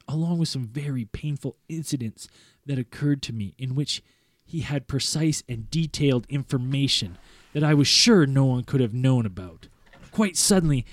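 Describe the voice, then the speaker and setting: A man reading a first-person story aloud in a measured, earnest way, as a podcast host. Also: medium pitch, darkish tone, no room sound, studio quality.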